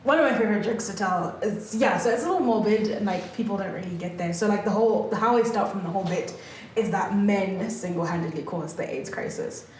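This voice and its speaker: A woman's voice: medium pitch, fast, hardly any pauses, a little mellow, slight background noise. Laughing woman, far off in an echoey room. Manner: laughs a lot while talking. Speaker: comedian. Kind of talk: casual chat.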